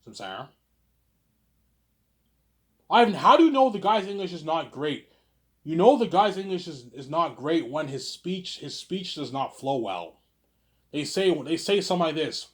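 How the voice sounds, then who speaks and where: With big pitch swings in a slightly high voice, a Quebec livestream host reads viewer questions at a moderate pace, leaving long pauses. His casual ramble is repetitive, full of stammering restarts and the filler "obviously."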